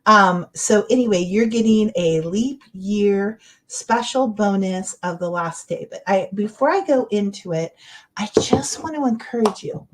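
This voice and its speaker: A middle-aged woman chats casually to her viewers on a livestream, her voice sitting at a middle pitch. She rambles, fills pauses with "um," and keeps her tone encouraging. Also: a little hiss or hum. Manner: chatty, rambling, encouraging, with many fillers. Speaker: livestream host. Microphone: webcam or computer mic, livestream.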